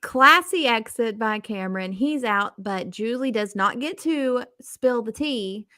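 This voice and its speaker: A woman's voice: fairly high pitch, animated, unhurried, bright, forceful tone, no room sound. Woman podcast co-host, casual and enthusiastic, dry close mic. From Texas. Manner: chatty, laughs often, recaps with enthusiasm. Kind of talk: casual chat.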